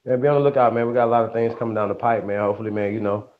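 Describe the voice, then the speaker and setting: Very deep-voiced man hosting a livestream. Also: fairly even intonation, very fast. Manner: greets viewers by name, slangy and upbeat. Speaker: livestream host. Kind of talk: casual livestream chat. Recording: dull lo-fi stream audio with faint noise.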